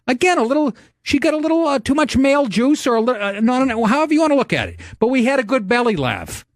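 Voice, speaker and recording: A middle-aged man hosting a podcast, telling stories in a brash, profane, animated way. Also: very high voice, fast talker, no room sound, studio quality. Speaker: podcast host, comedian. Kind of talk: casual podcast chat.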